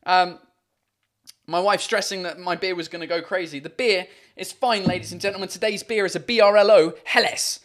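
A man hosting a casual live show from home on a microphone, chatty and rambling with lots of fillers, excitable and casually swearing. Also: sits high, fairly quick. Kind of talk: casual chat.

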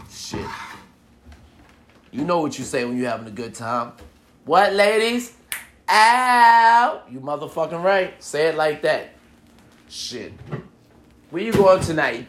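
A man's voice: medium pitch, a bit bright, slight background noise. A man delivering a profane comedic rant straight to the listener, acting out both sides of a date as he goes.

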